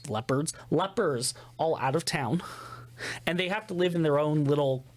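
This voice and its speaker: A man's voice: a little high, moderate pace. A man co-hosting a podcast, chatting casually and telling stories with quoted voices. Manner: chatty storyteller, quotes people in put-on voices. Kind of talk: casual chat.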